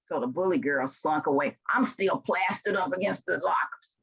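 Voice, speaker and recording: A woman's voice: on the low side, lively intonation, brisk, few pauses, breathy edge. An older woman from Memphis with a Southern accent, giving a heartfelt, folksy motivational talk to an audience. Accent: Southern American. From Memphis, Tennessee. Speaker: keynote speaker. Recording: dull lo-fi sound.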